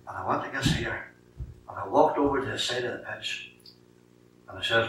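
A middle-aged man with a Northern Irish accent giving his testimony in a sermon, telling his story in an animated way and acting out the dialogue. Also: mid-range voice, a little fast. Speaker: lay preacher giving testimony. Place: church sanctuary. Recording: echoey church from a distance with faint noise.

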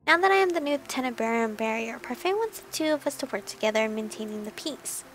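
A woman's voice: fairly high pitch, expressive, fast, fairly bright tone, faint music behind. A young woman reading a romance visual novel aloud as let's play narration, breaking off for gushing asides.

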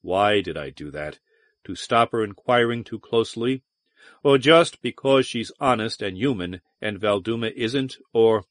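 Guy reading as a moody starship captain, low and measured, dry sound. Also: animated, no room sound. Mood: brooding. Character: weary, brooding male starship captain.

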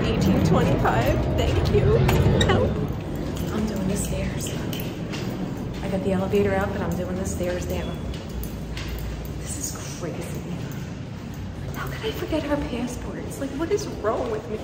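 A woman chatting casually and excitably as she films herself on the go, narrating her day. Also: medium pitch, a little slow, pauses often, heavy background noise. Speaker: vlogger. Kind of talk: casual vlog chat. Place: parking garage, cruise terminal and ship.

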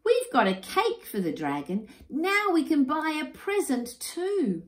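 A woman's voice: high-pitched, very animated, measured pace, pitched above the performer's own voice. Woman voicing Hoya, a cheerful little girl. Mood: delighted. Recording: roomy echo.

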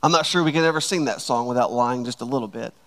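A man preaching a sermon to his church, slow and emphatic, stretching out key words. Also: medium pitch. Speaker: pastor.

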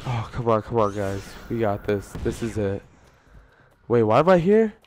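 A man's voice: fairly low pitch, very animated, normal speed, darkish tone, slight background noise. A young man giving gameplay commentary, frustrated and swearing, with sudden yelps between muttered remarks. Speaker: gamer.

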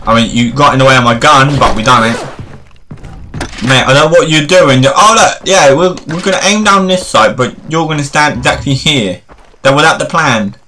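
Joking let's play host. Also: male voice, medium pitch, moderate pace, a little hiss or hum. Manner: joking, excitable, talking to game characters. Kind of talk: casual gaming commentary.

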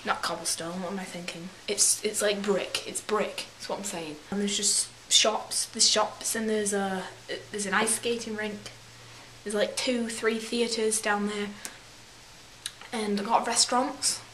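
A young woman vlogger tells rambling, chatty stories in a put-on English accent, often correcting herself mid-thought. Her voice sits in the mid-range with little pitch movement, a measured pace, and a slightly bright tone. The casual storytelling vlog was recorded in an echoey room with faint hiss.

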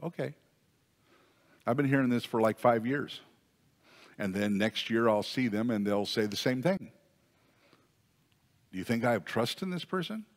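A man's voice: mid-range voice, animated, moderate pace, long pauses. A man preaching a sermon as pastor in a conversational way, rising to emphatic peaks. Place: church sanctuary. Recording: long church reverb.

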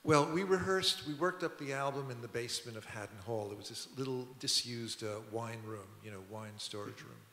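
Invited as a guest to a public talk in a museum auditorium, an older record producer and musician spins rambling, conversational anecdotes, restarting sentences often. His gravelly, mid-range voice has an edge of brightness, and he moves briskly with few pauses. The sound rings through the large, echoey hall with a long tail.

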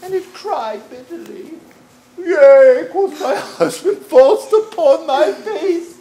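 Woman doing a rambling, giggly old nurse with a high, lively voice and slow delivery, roomy stage recording. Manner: rambling, laughs through her lines. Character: old chattering female nurse, bawdy and giggly. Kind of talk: amateur stage acting. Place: theater stage.

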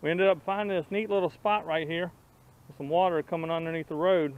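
A man's voice: a little high, fairly even intonation, fairly quick, narrow, tinny audio. A man hosting a fishing vlog outdoors from a boat on a lake, chatting easily and coaching the boys. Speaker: fishing vlogger and host. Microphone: action camera.

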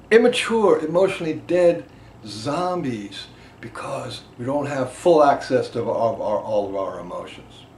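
Impassioned man teaching in an echoey room. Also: medium pitch. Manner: impassioned, swings between loud emphasis and quiet asides. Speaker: emotional release teacher. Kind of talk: teaching talk to a group. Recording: echoey room with faint background noise.

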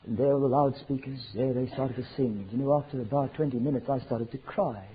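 Impassioned preacher, tinny lo-fi recording. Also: male voice, medium pitch, brisk, breathy edge. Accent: South African. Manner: swings from loud fervent declarations to hushed near-whispers. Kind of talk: sermon. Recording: tinny lo-fi sermon recording with faint noise.

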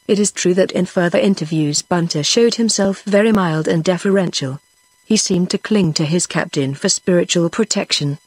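A synthetic woman's voice with a British English accent narrating an audiobook in steady, evenly paced text-to-speech reading. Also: fairly low pitch, slightly rough, no room sound. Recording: dry synthetic studio voice.

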